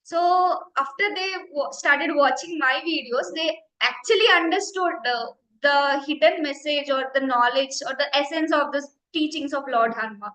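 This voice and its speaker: Young Indian woman with Telugu as her first language, meditation teacher, earnest testimony, high and bright, echoey room. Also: normal speed. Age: young adult. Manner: heartfelt, earnest storytelling. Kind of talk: personal testimony talk. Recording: roomy echo.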